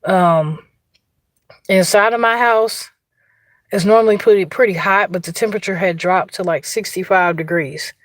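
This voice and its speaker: A woman's voice: medium pitch, moderate pace, dry recording. Chatty Indiana woman livestreaming outdoors. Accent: Indiana, US Midwest. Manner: chatty, laughing, greets viewers by name. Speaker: livestream host. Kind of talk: casual livestream storytelling.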